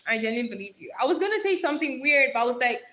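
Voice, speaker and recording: A woman's voice: sits high, animated, rapid-fire, pushed and bright. A young woman hosting a live stream, chatting casually and teasing her viewers as she reads their comments, with slang and frequent laughs.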